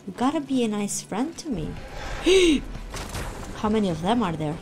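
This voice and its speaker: A woman streamer giving excitable live reaction commentary on a video game, shrieking, gasping and talking to the characters on screen. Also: on the high side, normal speed, noisy background. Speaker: gaming streamer.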